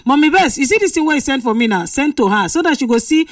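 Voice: high-pitched, animated, fast, far from the mic. A radio host with a Nigerian accent, chatting with callers in a playful, teasing way. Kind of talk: lively call-in radio chat. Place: radio studio.

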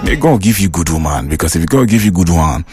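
A man with a Nigerian accent, hosting a call-in radio show, talking in a lively, preachy way as he reads listener messages. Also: deep voice, fast talker, music in the background. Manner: lively, preachy, mixes Pidgin and English.

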